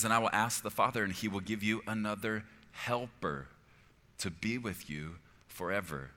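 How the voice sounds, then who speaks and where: A man's voice: low voice, sharp tone, big-room sound. A middle-aged man preaching a sermon as a pastor, earnest and conversational, often checking in with his listeners. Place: church auditorium.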